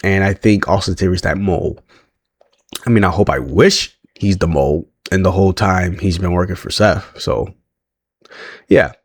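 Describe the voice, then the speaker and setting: A man's voice: deep voice, moderate pace, husky, no echo, clean studio sound. A man recapping a wrestling show in a casual, chatty way, laughing often and restarting his sentences.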